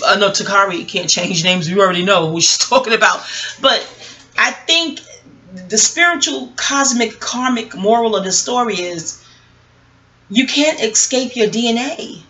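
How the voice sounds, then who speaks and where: In an audio-only home recording, a woman offers scattered, foul-mouthed commentary online, hopping between thoughts in a casual way. She speaks at a moderate pace in a mid-range voice that sounds pushed and bright.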